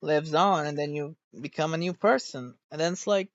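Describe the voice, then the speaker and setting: A VTuber streamer chatting casually in a rambling way, swearing freely and getting irritated quickly. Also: medium pitch, no room sound. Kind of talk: casual stream reaction chat. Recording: dull, dry home recording.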